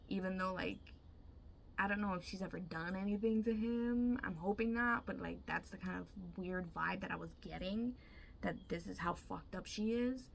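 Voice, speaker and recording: Casual female storyteller, emphatic and profane; gravelly, faint background noise. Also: fairly low pitch. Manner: chatty, emphatic, swears freely. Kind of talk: casual dream retelling.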